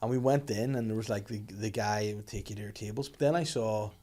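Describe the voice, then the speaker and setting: A man's voice: on the low side, fairly quick, dark tone. A young man co-hosting a casual podcast, telling loose, sweary anecdotes in an offhand way. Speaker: podcast co-host.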